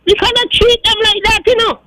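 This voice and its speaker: A man's voice: extremely high pitch, steady tone, a little fast, background noise. A man with a Kittitian accent calls into a radio show, pressing insistent, pointed questions. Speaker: radio caller. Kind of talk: call-in radio complaint.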